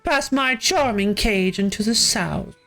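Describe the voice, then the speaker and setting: A woman voicing a smooth-talking male rogue locked in a cage, wry and evasive. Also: mid-range voice, a little slow, a bit bright, faint music behind. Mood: coaxing. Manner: suave, wry, mock-modest.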